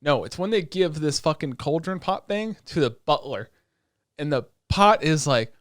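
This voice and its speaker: This male podcast co-host has a slightly high voice and talks at a normal speed, captured in a dry, clean studio recording. He recaps shows casually and profanely, full of fillers, animatedly acting out the quotes he retells.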